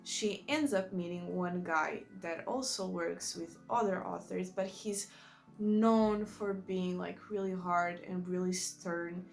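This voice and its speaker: A woman vlogger chats about books in a loose, enthusiastic way, doubling back to fix her own words. English is not her first language. Her voice has a gravelly, creaky fry, and faint music plays underneath. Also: lowish voice. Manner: rambling, self-correcting, enthusiastic. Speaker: book vlogger. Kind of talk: casual book review chat.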